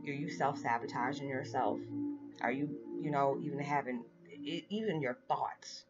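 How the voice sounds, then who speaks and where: A woman in her forties, gently and earnestly talking through a casual spiritual vlog and often saying "it's just like.". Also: rumbling low. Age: 40s. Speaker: vlogger. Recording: dull lo-fi sound with music behind. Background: meditation music.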